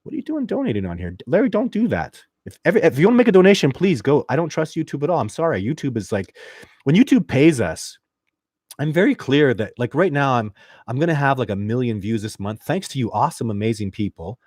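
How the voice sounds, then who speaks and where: A man from Canada chats on his livestream, answering viewer questions in a rambling, excitable way full of restarts. His voice sits at a middling pitch. The sound is dry and close, with no room around it. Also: fast, no room sound. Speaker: livestream host. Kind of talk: casual livestream chat reading viewer questions.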